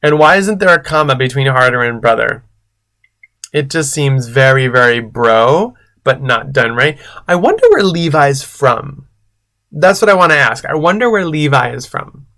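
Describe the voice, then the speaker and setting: A man's voice: medium pitch, normal speed. Sarcastic drag queen reading aloud. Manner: sarcastic, deadpan asides. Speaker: drag queen host reading fan fiction. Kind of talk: comedic read-aloud with commentary.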